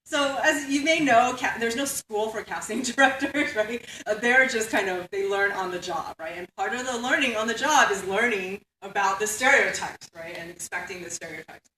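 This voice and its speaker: A woman's voice: mid-range voice, normal speed, few pauses, pushed and bright. A woman academic giving a conference keynote in a conversational way, often checking in with "right?". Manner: conversational, tags points with "right?". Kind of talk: conference lecture. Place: lecture hall. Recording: echoey hall, distant mic, faint hiss.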